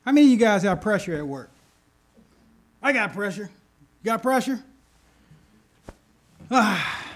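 Man, pastor, sermon, animated storytelling, very expressive pitch. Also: measured pace, pauses often. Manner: animated, rises loud when acting out scripture; addresses congregation with "okay?" asides.

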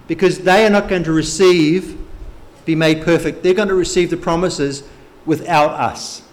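A man preaching a sermon, teaching slowly and emphatically through Bible verses. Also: on the high side, fairly even intonation. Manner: slow, emphatic Bible teaching with occasional light laughs.

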